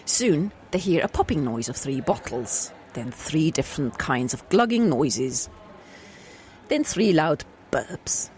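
A man narrating an improvised comic tale with a lively, animated voice. He is playful and laughs easily between lines. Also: fairly high pitch, slow pace, a little hiss or hum. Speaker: storyteller.

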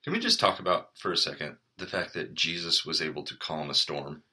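Male podcast co-host, earnest Bible-study talk, forceful bright tone. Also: very deep voice, a little fast. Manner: earnest, reads scripture aloud. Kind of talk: casual Bible study chat.

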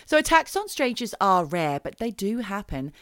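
A woman's voice: medium pitch, big pitch swings, normal speed, fairly bright tone, no room sound, clean studio sound. A woman co-hosting a podcast who tells a true crime story in a chatty, dramatic way. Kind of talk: casual storytelling chat.

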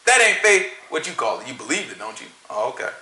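A man's voice: medium pitch, very animated, quick pace, echoey room, crowd noise, rough recording. A man with a Southern American accent, talking in a casual rant full of preachy rhetorical questions and laughing at his own points. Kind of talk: casual ranting monologue.

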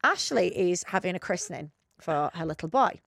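A woman's voice: on the low side, lively intonation, gravelly, a bit bright, slightly rough, no room sound, clean studio sound. A woman co-hosting a podcast, chatting casually and swearing freely as she tells stories. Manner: fast, sweary, storytelling. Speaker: podcast co-host. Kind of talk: casual chat.

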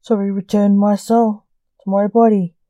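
A man's voice: high voice, level tone, moderate pace, mellow, no room sound, close to an everyday voice. A woman voicing a famous male stage illusionist who grows defensive and frightened under a caller's threats.

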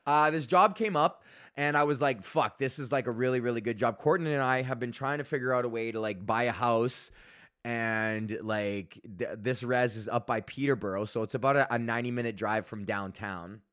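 A man's voice: mid-range voice, normal speed, a bit bright. A young man hosting a podcast, telling a story in a casual rambling rant full of swearing, fillers and restarts. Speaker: podcast host. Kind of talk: casual ranting monologue.

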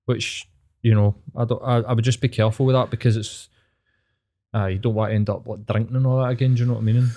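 A man's voice: medium pitch, fairly even intonation, fast, dark tone. Scottish guy cohosting a podcast, supportive and earnest, laughs a lot. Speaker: podcast co-host. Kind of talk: casual chat.

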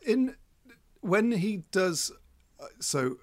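A man's voice: high voice, sing-song, extremely slow. A man who co-hosts a podcast, a comedian, asking hesitant questions in casual chat.

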